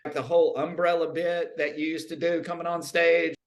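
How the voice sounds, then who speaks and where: A man's voice: fairly high pitch, little pitch movement, brisk. A man with a slightly raised voice plays it straight as he swaps invented tales with a fellow comedian. His delivery stays dry and matter-of-fact, as though the absurd details were ordinary history. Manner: straight-faced, trades made-up stories. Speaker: comedian co-host. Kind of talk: deadpan improvised comedy chat.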